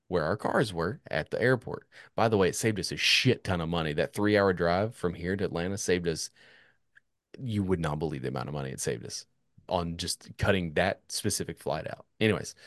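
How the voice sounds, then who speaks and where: A man's voice: low-pitched, no room sound, studio quality. A young man telling a story in casual chat, rambling with lots of filler words, swearing now and then. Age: young adult.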